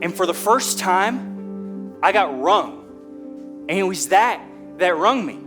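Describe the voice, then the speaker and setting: An actor on a theatre stage telling a long story as a poor drifter, in folksy, rustic speech. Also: male voice, high-pitched, lively intonation, takes it slowly, music in the background. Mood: earnest.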